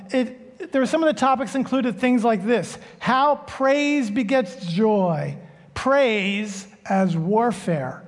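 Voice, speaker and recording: Male pastor, slow joking sermon delivery, long church reverb. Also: extremely high pitch. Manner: unhurried, joking storyteller.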